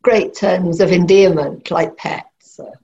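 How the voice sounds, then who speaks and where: A woman's voice: fairly low pitch, steady tone, creaky, mellow, lo-fi sound. A middle-aged woman, a novelist, answering interview questions thoughtfully with frequent restarts. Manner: thoughtful, halting, many restarts.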